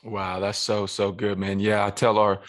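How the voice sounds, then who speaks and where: A man's voice: on the low side, flat delivery, normal speed, no room sound, clean studio sound. A man, a pastor hosting a podcast interview, affirming his guest with frequent interjections. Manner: affirming, frequent "come on" and "wow". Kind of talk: conversational interview.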